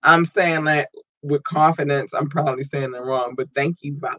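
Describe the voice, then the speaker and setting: A man hosting a podcast, warmly shouting out listeners' cities with a lilt and playful squeals. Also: steady tone, normal speed, no room sound, dull audio. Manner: warm, effusive, playful, sometimes squeals in a high voice. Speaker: podcast host. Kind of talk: casual listener shout-outs.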